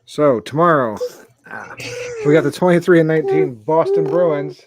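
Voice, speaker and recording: Very deep-voiced woman podcast host. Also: a loud crowd. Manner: casual, brisk, reads out odds and listener chat. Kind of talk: casual sports betting podcast chat.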